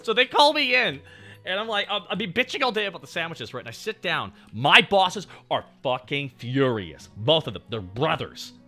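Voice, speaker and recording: A man streamer casually telling a long, profane story to his viewers, swinging between low muttering and shouting. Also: very animated, moderate pace, soft background music. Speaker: VTuber streamer.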